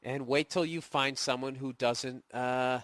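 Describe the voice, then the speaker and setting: A man's voice: fairly even intonation, unhurried, fairly bright tone, dry recording, studio quality. A middle-aged man with a Boston accent hosting a podcast, ranting profanely and sarcastically through a listener's email while he gets over a cold. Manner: sarcastic, mocking falsetto impressions. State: getting over a cold, voice cracking. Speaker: comedian podcast host answering listener email. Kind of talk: profane comedic advice rant.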